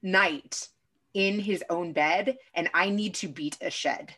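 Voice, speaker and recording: A woman hosting a casual podcast, warm and quick to laugh. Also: lowish voice. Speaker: podcast host.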